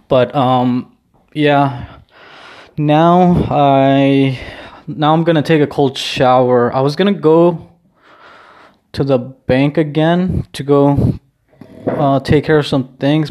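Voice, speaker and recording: A man's voice: mid-range voice, a little mellow. A man vlogging from home in a casual, rambling chat, full of restarts and easy swearing. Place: at home, indoors.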